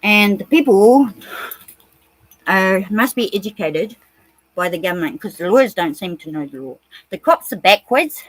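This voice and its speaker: A woman's voice: mid-range voice, lively intonation, normal speed, pauses often, dry recording, poor audio. A woman with a New Zealand accent, ranting agitatedly in a rambling monologue and swearing often.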